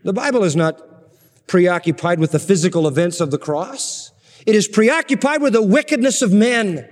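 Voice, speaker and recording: Emphatic preacher in a reverberant hall. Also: male voice, high-pitched, expressive, moderate pace. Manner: emphatic, repeats key phrases for weight. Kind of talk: expository sermon.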